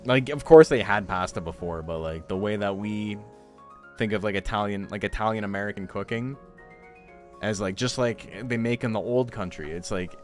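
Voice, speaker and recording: A man's voice: on the low side, moderate pace, faint music behind. A young man chatting casually on a game stream, rambling with lots of fillers and frequent laughs. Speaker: streamer and game tournament host. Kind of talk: casual chat while streaming.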